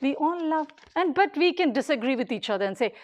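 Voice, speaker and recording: A woman's voice: sits high, expressive, a little fast. A woman who leads a daycare, giving an earnest public talk in short, emphatic, repeated phrases. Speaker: daycare leader.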